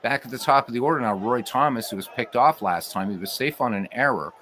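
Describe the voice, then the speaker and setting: A man calling play-by-play for a computer baseball game, chatting with viewers between pitches and with wry asides. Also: quick pace, slight background noise. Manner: lively, rising to shouts on big plays, wry asides. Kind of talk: solo play-by-play commentary with live chat.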